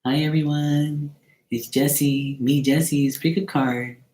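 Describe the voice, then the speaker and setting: A man putting on a high voice to mock a young woman tarot reader as whiny and touchy. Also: steady tone, slow, a little mellow. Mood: chirpy. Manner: high-pitched, pleading, then chirpy. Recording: roomy echo.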